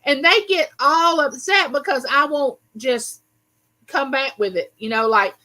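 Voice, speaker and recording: A woman hosts a casual livestream chat, speaking frankly and emphatically. Her voice is bright and forceful, set a little high. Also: a little slow, poor audio. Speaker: host.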